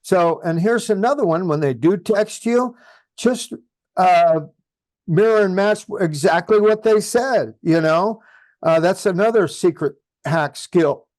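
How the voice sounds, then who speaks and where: A man's voice: high-pitched, unhurried, darkish tone, dry recording. Man coaching in a dry, close sound. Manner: coaching, reads sample texts aloud with punctuation. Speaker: real estate trainer. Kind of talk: online training session.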